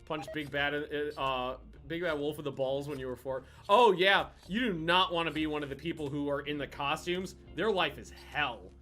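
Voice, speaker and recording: Profane, bright-voiced gaming host telling stories. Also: male voice, a little high, moderate pace, hardly any pauses, faint music behind. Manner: profane, animated, rambling anecdotes with restarts. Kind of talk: casual storytelling over gameplay.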